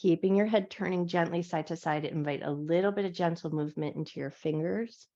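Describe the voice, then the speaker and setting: A woman teaching a live yoga class on a clip-on mic, giving soft, soothing guided cues. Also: on the low side, fairly quick. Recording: dull lo-fi live class audio.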